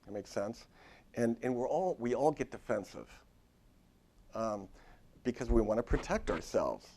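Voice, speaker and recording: A man's voice: medium pitch, expressive, unhurried, mellow. A man who is a therapist gives an informal workshop talk in a university lecture room. He speaks conversationally and often restarts his sentences.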